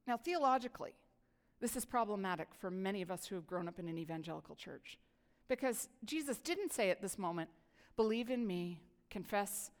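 A middle-aged woman pastor giving a chatty, animated sermon and reading scripture aloud. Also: medium pitch, a little fast, big-room sound. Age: 40s.

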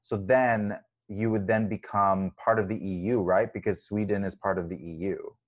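Low-voiced chatty man co-hosting. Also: steady tone, normal speed. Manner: chatty, jokey, rambling with many fillers. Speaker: podcast co-host. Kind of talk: casual chat.

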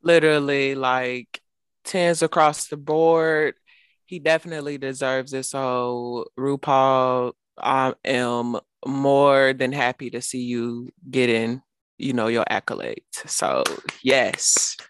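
A man's voice: mid-range voice, takes it slowly, fairly bright tone, clean tone, no room sound, studio quality. A man co-hosting a radio show in casual chat, easygoing and sprinkled with "you know.". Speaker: radio co-host.

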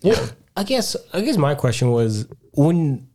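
A woman's voice: low-pitched, very animated, unhurried, dark tone. A woman co-hosting a podcast in casual chat, hesitant and fumbling for her words. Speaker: podcast co-host.

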